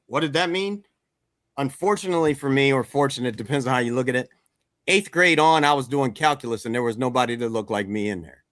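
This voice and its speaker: A middle-aged man from Washington, D.C. talks bluntly and with emphasis, swearing now and then as he leads a candid group talk. His voice sits somewhat high for a man, and the sound is close and dry. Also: fairly bright tone, dry recording. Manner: blunt, emphatic, swears, repeats "let's get real". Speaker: men's circle coach.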